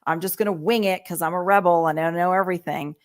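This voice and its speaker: A woman talking through communication skills on a podcast, teaching in a lively way and acting out quoted lines. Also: fairly low pitch, quick pace. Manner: animated teaching, acts out quoted voices. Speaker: real estate agent. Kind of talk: podcast conversation, coaching.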